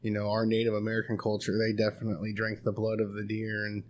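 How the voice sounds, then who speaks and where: A man's voice: on the low side, completely flat delivery, quick pace. A man, telling a long story in profane, laid-back casual chat. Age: 20s. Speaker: guest.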